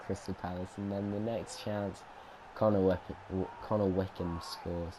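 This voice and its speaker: A young man with a somewhat low voice talks casually over his football game replay. He rambles from point to point, full of ums and restarts. Steady background noise sits under his voice. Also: moderate pace. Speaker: gaming commentator. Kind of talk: casual gameplay commentary.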